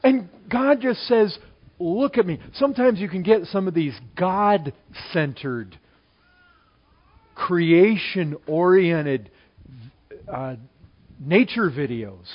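High-voiced animated male preacher. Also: slow, long pauses, muffled recording. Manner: animated, swings between loud exclamations and quiet asides. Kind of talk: sermon.

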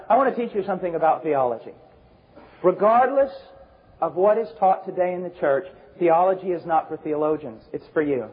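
High-voiced preacher guy, shouts then drops low, kinda muffled lo-fi sound. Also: breathy edge. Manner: fervent, swings from shouting to low intense tones. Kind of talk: sermon. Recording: dull lo-fi recording.

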